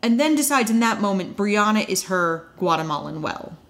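A woman's voice: medium pitch, very animated, a bit bright. A woman co-hosting a podcast, recapping a TV episode in casual chat with wry asides. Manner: chatty, wry asides, quick quoted voices.

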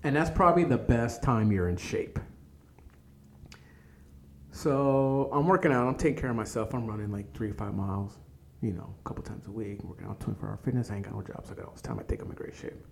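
A man's voice: on the low side, fast talker, vocal fry, a little mellow, slight background noise. A man as a podcast guest, telling stories of his life in a laid-back, casual way, swearing freely and laughing at himself. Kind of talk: casual storytelling interview.

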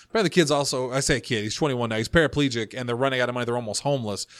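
A man hosting a casual podcast, telling stories from his notes with quick asides. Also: medium pitch, a bit bright, no room sound. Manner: chatty storyteller, reads notes, quick asides. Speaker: podcast host.

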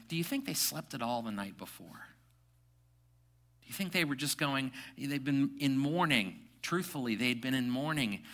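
Bright, animated male preacher. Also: a little high. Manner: preaches with rising, emphatic bursts and repeated phrases; drops to soft, hushed reflection. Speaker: pastor. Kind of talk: sermon.

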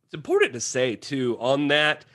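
A man's voice: mid-range voice, moderate pace, dry recording. A man co-hosting a podcast, chatting casually and adding joking asides. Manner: animated, jokey, adds asides. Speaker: podcast co-host. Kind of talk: casual chat.

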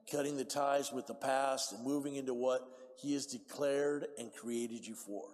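A man preaching a sermon in a church, emphatic and calling for amens, rising to shouts and dropping to hushed appeals. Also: mid-range voice. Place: church sanctuary. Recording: long hall reverb.

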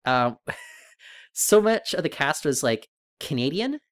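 A man co-hosting a podcast in casual chat, thinking aloud and rambling with restarts and animated questions. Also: on the high side, a little slow, dry recording, studio quality. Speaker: podcast co-host.

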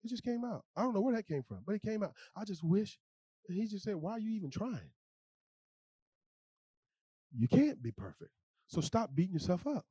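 A male pastor preaching a sermon in a lively, conversational way, repeating phrases and talking straight to the congregation. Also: high-pitched, normal speed, pauses often, slightly rough, no room sound. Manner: animated, conversational preaching with repetitions.

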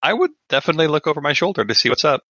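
A man's voice: on the high side, sing-song, very fast, pushed and bright, husky, no room sound, lo-fi sound. A man playing a tabletop game, describing his character's actions with some hesitation. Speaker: player.

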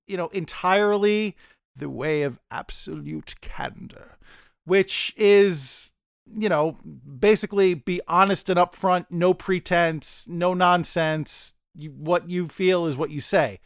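High-voiced rambling podcast guy. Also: slow, smooth, no room sound, clean studio sound. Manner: rambling, frequent stammered restarts. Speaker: podcast co-host. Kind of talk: casual podcast discussion.

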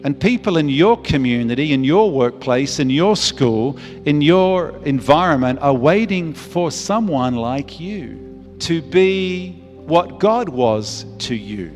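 A man's voice: fairly high pitch, long reverb tail. A man in his fifties, a pastor preaching a sermon, earnest and repeating phrases for emphasis. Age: 50s.

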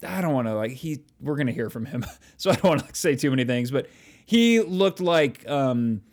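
A man's voice: medium pitch, lively intonation, normal speed. A man co-hosting a casual podcast, rambling, swearing often and trailing off while hunting for names. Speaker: podcast co-host. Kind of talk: casual chat.

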